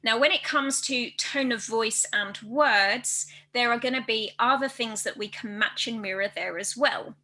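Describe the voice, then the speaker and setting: A woman presenting a workplace training video, speaking fast and loudly with careful articulation. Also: fairly high pitch, poor audio. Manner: fast, loud and well articulated.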